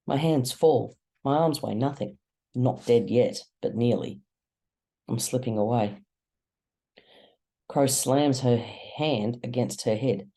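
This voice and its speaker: Slow gravelly audiobook reader. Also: mid-range voice, warm tone. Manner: slow, measured, dramatic pauses. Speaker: audiobook narrator. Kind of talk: first-person audiobook narration.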